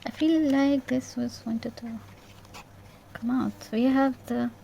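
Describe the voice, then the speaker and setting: A woman giving an intuitive tarot reading in a gentle, reassuring way, repeating herself and checking in with "yeah?". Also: high voice, takes it slowly, gravelly, slight background noise. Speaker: tarot reader.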